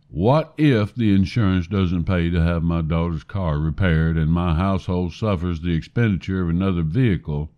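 A man with a very low voice preaches a sermon, putting earnest questions straight to his listeners. The recording sounds dull and lo-fi. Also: darkish tone.

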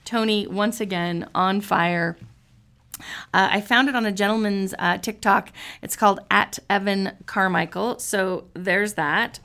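A woman hosts a motivational podcast in a loose, chatty way. She sounds upbeat and encouraging, with a gravelly edge of vocal fry. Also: medium pitch, fairly even intonation, a little slow, fairly bright tone. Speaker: podcast host. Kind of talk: casual motivational podcast chat.

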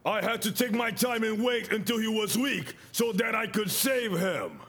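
A man putting on a patient, composed male lifeguard who explains himself in a steady, matter-of-fact way. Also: high voice, moderate pace. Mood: explaining.

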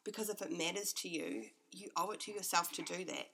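A woman's voice: on the low side, steady tone, brisk, gravelly, sharp tone, a little hiss or hum. A woman hosting her own podcast from her home kitchen, talking candidly and heartfelt, rambling with lots of "like.". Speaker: podcast host. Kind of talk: candid personal monologue. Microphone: podcast microphone.

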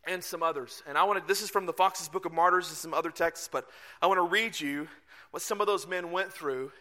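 A male pastor preaching a sermon, telling the story in an animated way and breaking into shouts. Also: high-pitched, brisk.

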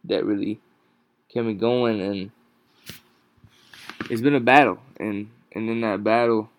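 A man hosting a podcast from home without a proper microphone, exhausted and yawning, talking haltingly with many pauses and restarts. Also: fairly low pitch, steady tone. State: exhausted, sleep-deprived. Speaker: podcast host. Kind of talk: casual solo podcast talk. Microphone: no proper microphone, home recording.

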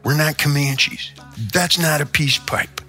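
Soft music plays behind an older Midwestern host as he tells a meandering, theatrical comic rant punctuated by sudden asides. He speaks at a measured pace in a fairly high, bright voice with a forceful tone.

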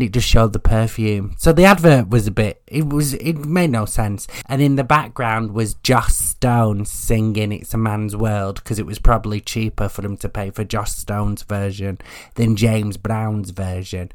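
A man hosting a podcast, talking in a chatty, jokey way and swearing freely. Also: fairly low pitch. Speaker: podcast host. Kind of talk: casual solo podcast chat.

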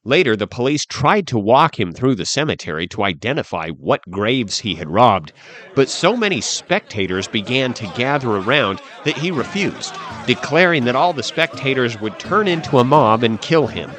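A man telling a dark history story as scripted narration, with a dramatic, expressive delivery. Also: mid-range voice, moderate pace. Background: faint background music.

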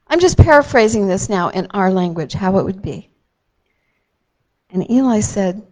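A woman telling a Bible story to a child, gentle and slow with dramatic emphasis on key moments. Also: mid-range voice, lively intonation, rough recording.

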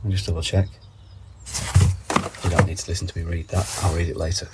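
Low-voiced man with a cold. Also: level tone, very noisy. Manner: chatty, wry asides, reads labels aloud haltingly. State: under the weather with a cold. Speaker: podcast host. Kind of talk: casual rambling monologue. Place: garden greenhouse. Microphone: phone.

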